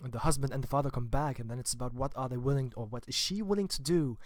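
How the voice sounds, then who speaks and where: A man's voice: medium pitch, quick pace, no room sound, studio quality. A man giving a casual spoken film review, chatty and informal with wry asides. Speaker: film vlogger.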